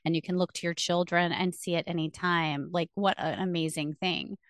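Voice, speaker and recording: A woman hosting a podcast, talking in a calm, measured way about spirit and connection. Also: fairly low pitch, dry recording, studio quality. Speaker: podcast host. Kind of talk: reflective spiritual conversation.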